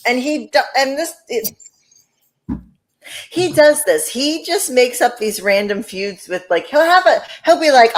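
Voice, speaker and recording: A woman's voice: high voice, expressive, unhurried. A woman co-hosting a casual podcast chat. She laughs often, swears freely and mimics other people mid-story. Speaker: podcast co-host.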